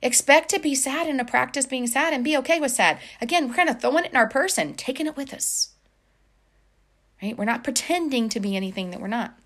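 A woman's voice: sits high, animated, a little fast. Encouraging woman life coach. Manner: warm, encouraging, conversational with many fillers. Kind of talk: casual advice talk to viewers.

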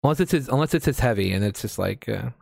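A man's voice: mid-range voice, expressive, fast, gravelly, darkish tone, breathy edge, no room sound, clean studio sound. An American man in casual chat as a host, rambling with lots of fillers and casual swearing. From United States.

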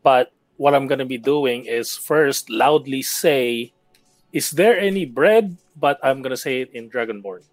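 A man's voice: medium pitch, fairly even intonation, moderate pace, hardly any pauses, dry recording, soft background music. A man playing a tabletop game in casual, playful chat. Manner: playful, laughs often. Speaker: player.

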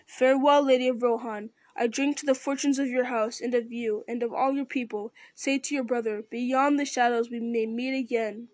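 A stern, resolute lord speaks gravely and with measure, voiced by a woman reading a story aloud. The voice sits fairly high and stays flat in pitch. The sound is dry and close. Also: moderate pace, hardly any pauses, no room sound, lightly acted, poor audio.

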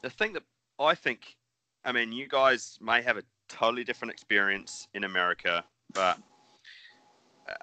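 A man's voice: medium pitch, expressive, normal speed, pauses often, bright, forceful tone, dry recording. A middle-aged man with a New Zealand accent, co-hosting a casual podcast, rambling and swearing. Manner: rambling, swears, laughs often. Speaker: podcast co-host.

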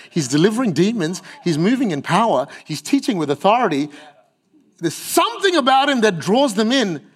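A man preaching a sermon in church, emphatic and acting out the voices he quotes. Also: a little high. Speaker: pastor.

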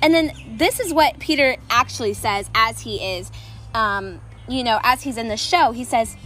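This outdoor faith podcast has a woman host who talks casually and enthusiastically, filling gaps with plenty of fillers. Her pitch is fairly high, her speed normal and her tone sharp, while music runs underneath.

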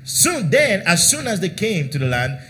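A man's voice: sits high, very animated, normal speed, sharp tone. Man preaching with call-and-response. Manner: preaching with call-and-response prompts and dramatized Bible quotes. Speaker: pastor. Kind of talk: sermon. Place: church.

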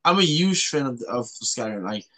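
A man's voice: mid-range voice, animated, moderate pace, a crowd in the background. A man from Canada hosting a casual podcast chat, rambling with lots of fillers and restarts. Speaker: podcast host.

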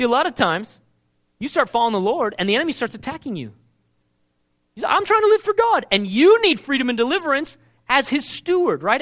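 A man preaching a sermon, asking the congregation questions and acting out the lines he quotes. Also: very high voice. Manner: animated, asks the crowd questions, acts out quoted lines.

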